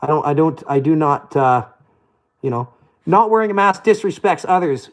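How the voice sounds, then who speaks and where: A man's voice: on the high side, animated, moderate pace, low-quality recording. A man delivering a blunt, profane, scornful rant to camera as a vlogger. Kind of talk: profane ranting monologue.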